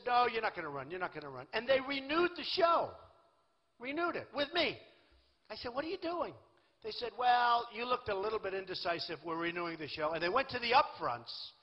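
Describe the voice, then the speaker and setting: Rally speaker, man in his sixties, boastful and repetitive, fairly high voice, husky, long hall echo, dull lo-fi sound. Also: pushed and bright. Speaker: political candidate. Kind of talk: campaign rally speech. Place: large rally venue. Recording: lo-fi echoey hall recording.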